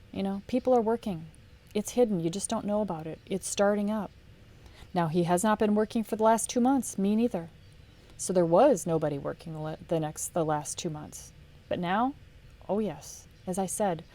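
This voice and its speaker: A woman hosting a podcast, giving casual, energetic career advice and acting out quoted lines. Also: medium pitch. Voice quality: swears casually. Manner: energetic, acts out quoted lines, laughs often. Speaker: podcast host and film career coach. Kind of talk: casual motivational talk.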